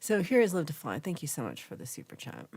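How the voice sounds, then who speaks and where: A young woman hosting a casual livestream, reading viewer comments aloud and chatting in a lively, reactive way. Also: low voice, quick pace, breathy edge. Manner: chatty, reacts with gasps and laughs, animated. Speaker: livestream host reading chat.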